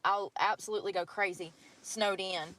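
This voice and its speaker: A woman's voice: medium pitch, steady tone, moderate pace, a bit bright. A breathless woman, rambling and cursing freely as she vlogs live outdoors in the snow by a river on a handheld phone. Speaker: vlogger. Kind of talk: casual livestream chat.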